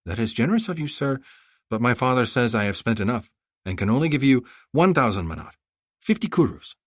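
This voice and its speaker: A respectful, clever young girl, as a male audiobook narrator puts her on, raised well above his natural pitch and measured in her politeness. The recording is close and dry. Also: big pitch swings, dry recording. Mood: polite. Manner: polite, careful.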